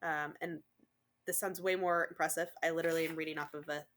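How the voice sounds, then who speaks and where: A woman's voice: low-pitched, fairly even intonation, quick pace, fairly bright tone, a little hiss or hum. Chatty woman podcaster reading notes. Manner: chatty, reads notes with many ums. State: dry throat. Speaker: podcast co-host. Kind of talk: casual chat.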